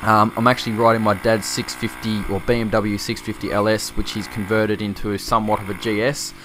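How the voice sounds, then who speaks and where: Australian man, lowish voice, loose swearing motovlog chatter, faint outdoor noise behind. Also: level tone, a little fast. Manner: rambling, laughing, swearing freely. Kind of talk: casual vlog chat while riding. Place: outdoors on a motorbike. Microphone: chest-mounted camera.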